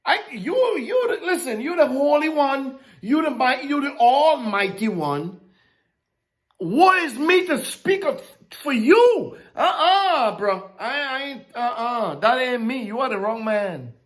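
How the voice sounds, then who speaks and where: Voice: high-pitched, lively intonation, slow pace. A preacher voicing a frightened prophet who pleads that he is unworthy before God. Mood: pleading. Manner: pleading, self-abasing. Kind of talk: sermon.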